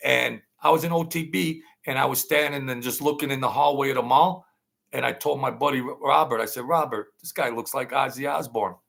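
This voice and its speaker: A man hosting his own channel, telling a long casual story in a rambling, halting way, full of fillers and restarts. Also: mid-range voice, steady tone, creaky, a bit bright. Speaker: channel host telling stories.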